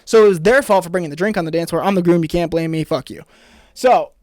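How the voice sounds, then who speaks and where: A man's voice: a little high, fast talker, darkish tone, dry recording, studio quality. A man co-hosting a podcast, telling stories in a laid-back, casual way and swearing freely. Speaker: podcast co-host. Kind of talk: casual chat.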